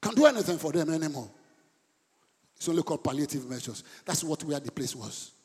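Preaching in a church hall with long reverb, a middle-aged Nigerian pastor speaks expressively and a little fast in a high, husky voice. He lurches from soft asides to loud bursts, repeats words for emphasis, and switches languages mid-sentence.

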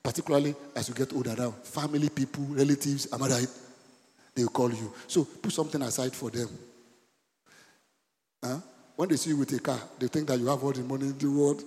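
A middle-aged man, preaching a sermon in animated bursts and asking the congregation questions. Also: brisk. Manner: animated preaching with sudden high bursts and call-and-response questions. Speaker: pastor. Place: church hall. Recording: church hall with long reverb.

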